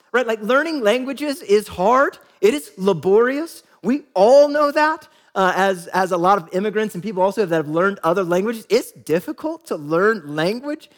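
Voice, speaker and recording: Speaking in a high-pitched male voice, this pastor keeps his sermon relaxed and conversational. He frequently checks in with "right?" and performs quoted lines as if in character.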